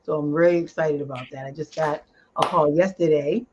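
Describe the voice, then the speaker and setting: A woman guest in a casual interview, talking about her advocacy work, animated and quick to laugh, with filler-filled pauses. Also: sits low, noisy background. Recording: dull lo-fi audio.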